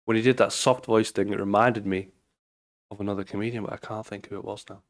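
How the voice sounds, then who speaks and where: A man's voice: fairly low pitch, fairly even intonation, quick pace. British man with a blocked nose. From Britain. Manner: rambling, easygoing. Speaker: comedy reaction host. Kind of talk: casual chat.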